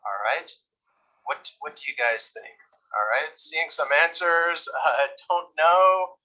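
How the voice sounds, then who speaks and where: A man's voice: a little high, expressive, slow pace, sharp tone, poor audio. A man teaching English vocabulary in an online lesson, chatty and reading replies from the chat. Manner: chatty, reads the chat, laughs easily.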